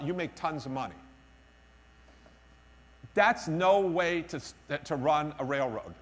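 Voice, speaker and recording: A man delivers a conference keynote in a fairly high voice, driving his points home by repeating them and slipping in self-deprecating jokes. His voice rings out with the long reverb of a big conference hall. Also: fairly bright tone. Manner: emphatic, repeats key phrases, self-deprecating humor. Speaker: keynote speaker.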